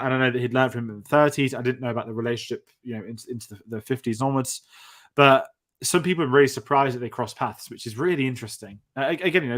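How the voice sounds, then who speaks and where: A man's voice: mid-range voice, fairly bright tone. A man hosting a film-review podcast, rambling and restarting as he talks. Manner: chatty, rambling, restarts often. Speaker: podcast host. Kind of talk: casual film-review chat.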